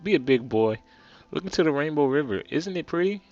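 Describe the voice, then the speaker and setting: A man's voice: a little high, animated, a little fast, darkish tone, highs cut off, soft background music, close to an everyday voice. A man voicing a sassy protective big sister. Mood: teasing. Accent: New Jersey. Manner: defiant and teasing.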